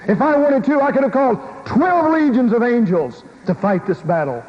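Jesus, gentle and earnest, as a preacher puts him on. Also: male voice, very high voice, expressive, moderate pace. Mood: firm calm. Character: calm, loving male Jesus, grown man. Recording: dull recording in a reverberant hall with faint hiss.

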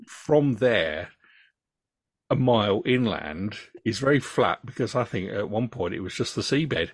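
An English man hosting a podcast, reading case notes in a true crime story with relaxed asides. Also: lowish voice, measured pace, slightly rough, dry recording.

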